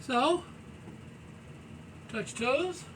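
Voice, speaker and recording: A man with a very high, bright voice talks loudly and energetically, rambling through casual motivational thoughts while he stretches and moves around at home. He leans on "you know" constantly. He sits well away from the mic, with faint noise behind him. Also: expressive, drawn-out words, recorded from a distance, poor audio. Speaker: fitness vlogger. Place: indoors at home, low ceiling.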